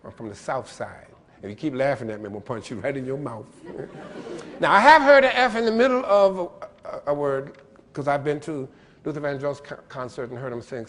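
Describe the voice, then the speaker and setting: A man giving a lively lecture-style keynote address, playful and animated, spelling out letters and mimicking pronunciations. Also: on the high side, long reverb tail. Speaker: keynote speaker.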